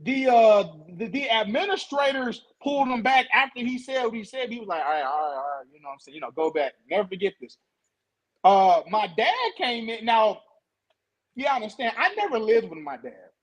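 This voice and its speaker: A young man telling a story in casual talk, animated, stuttering and repeating words. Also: extremely high pitch, moderate pace, poor audio.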